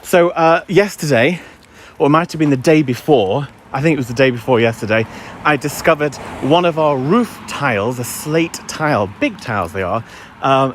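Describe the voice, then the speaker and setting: A man's voice: mid-range voice, a little hiss or hum. Wry man chatting on a walk. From England. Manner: wry storyteller, mimics voices. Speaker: vlogger. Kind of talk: casual chatty live-stream ranting. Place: outdoors, walking a dog.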